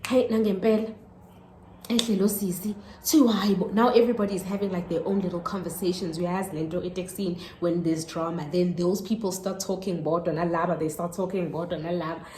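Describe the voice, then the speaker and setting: A young woman in her twenties with a South African accent telling a storytime vlog, animated and switching between Zulu and English. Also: fairly low pitch, fairly quick. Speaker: YouTuber. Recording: echoey room, faint noise.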